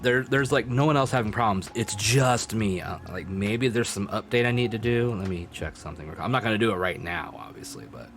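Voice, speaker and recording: A man's voice: lowish voice, fairly quick, hardly any pauses, a bit bright, faint music behind. A man streaming live, chatting casually with his viewers, swearing freely and laughing often.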